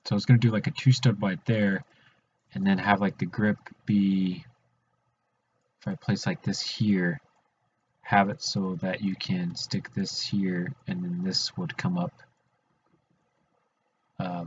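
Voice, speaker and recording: A man's voice: sits low, slight background noise. A young man casually chatting on a live stream while building, muttering to himself. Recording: dull lo-fi stream audio.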